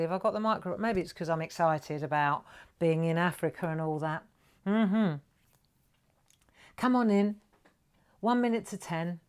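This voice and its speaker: A middle-aged woman with a fairly low voice hosts a live craft stream, greeting viewers brightly and chatting warmly, sometimes dropping to a whisper.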